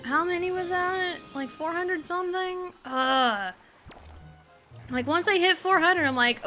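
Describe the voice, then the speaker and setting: Woman game streamer, high and bright tone, unhurried chatty commentary with fillers, faint game music under her. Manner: chatty and expressive, many fillers like "um" and "like"; talks aside to her young child while playing. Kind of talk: casual gameplay commentary.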